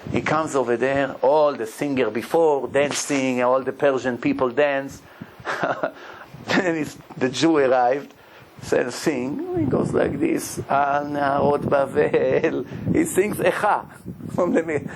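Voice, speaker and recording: A man's voice: medium pitch, unhurried, noisy background. A man, a rabbi telling stories in a sermon, acting out the people in them and laughing often. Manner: animated storyteller, acts out the people in his stories, laughs often. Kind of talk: sermon storytelling.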